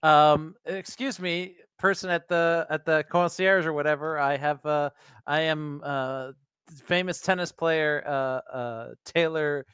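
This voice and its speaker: A man's voice: a little high, fairly even intonation, unhurried, a bit bright, smooth, no echo, muffled recording. Blustering man playing a tabletop game. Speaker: player. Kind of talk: in-character tabletop play.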